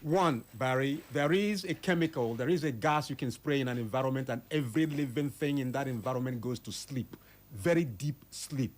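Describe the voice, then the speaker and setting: A man's voice: mid-range voice, normal speed. A Nigerian man calling in to a radio show, indignantly asking why the government has not acted. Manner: indignant, rhetorical questions. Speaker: caller. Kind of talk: radio phone-in commentary.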